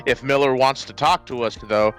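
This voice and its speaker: A man's voice: mid-range voice, normal speed, music in the background. A man co-hosting a podcast in casual chat, retelling movie scenes animatedly with laughs. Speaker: podcast co-host.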